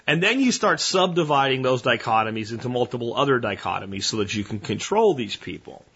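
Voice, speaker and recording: A man's voice: mid-range voice, lively intonation, a little fast, a bit bright, husky, lo-fi sound. A man hosting a podcast, delivering a blunt, profane and combative ranting monologue. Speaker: podcast host.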